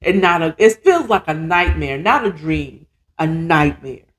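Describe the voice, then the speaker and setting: A woman's voice: low voice, lively intonation, unhurried. A woman hosting a casual storytelling podcast, chatty and digressive with lots of asides.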